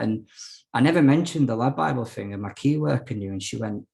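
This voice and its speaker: A man's voice: medium pitch, a little fast, creaky, a little mellow. A young man telling his story as a podcast guest, frank and rambling, with many fillers and restarts. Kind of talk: casual storytelling interview.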